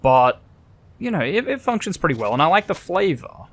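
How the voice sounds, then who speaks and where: A man's voice: a little high, big pitch swings, a little fast. An Australian man hosting a let's play, chatting casually and thinking aloud while reading the game's text.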